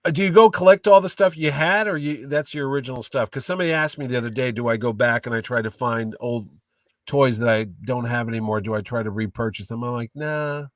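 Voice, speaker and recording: A man telling funny stories in a casual interview, an animated, jokey storyteller. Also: medium pitch, fast, no room sound, distant mic. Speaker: guest, comic con owner.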